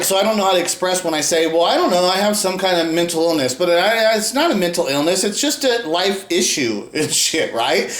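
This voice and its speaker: Rambling, profane man in an echoey room. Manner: rambling, profane, keeps adding "right?" and "and shit"; frequent laughs, swings between loud outbursts and low mutters. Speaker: video maker. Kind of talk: rambling monologue to camera. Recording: roomy echo.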